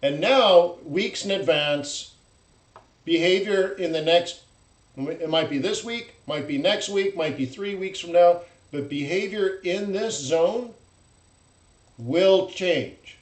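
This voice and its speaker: A man hosting a live trading stream, talking bluntly and animatedly and mocking traders in loud put-on voices. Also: sits high, takes it slowly, reverberant, poor audio. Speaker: forex trading host. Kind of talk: live-stream market commentary.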